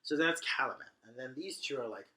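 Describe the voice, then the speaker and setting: A man's voice: medium pitch, animated, a little fast, pushed and bright. A man casually retelling a play for laughs, rambling and chatty with slangy asides. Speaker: host.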